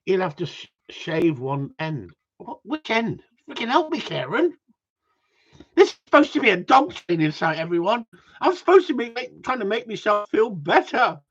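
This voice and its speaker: In dull, lo-fi audio, a middle-aged man who trains dogs rambles on a casual livestream, swearing heavily and mocking himself bluntly. He speaks at a moderate pace, his husky voice making big swings in pitch.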